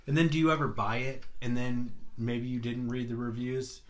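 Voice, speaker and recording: A man's voice: mid-range voice, steady tone, moderate pace. A man in a casual chat who drops dry joking asides.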